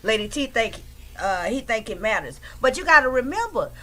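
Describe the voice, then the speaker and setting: A woman's voice: on the high side, sing-song, normal speed, fairly bright tone. A woman streaming live, casually commenting on a court case to her viewers in an emphatic, talkative manner. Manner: chatty, emphatic, addresses viewers as y'all.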